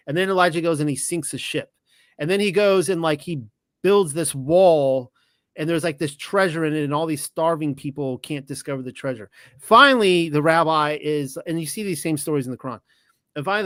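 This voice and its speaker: Slightly high-voiced rambling man. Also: moderate pace, no echo. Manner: rambling, with frequent restarts and self-corrections; retells stories with lively quoted dialogue. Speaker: podcast host. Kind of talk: casual monologue.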